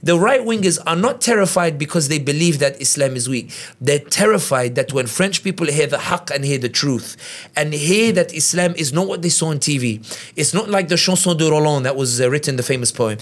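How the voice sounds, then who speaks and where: A man from the United Kingdom giving lively conversational analysis as a podcast guest, often acting out quotes. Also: on the high side. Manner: animated, quick, acts out quotes in other voices. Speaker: guest commentator.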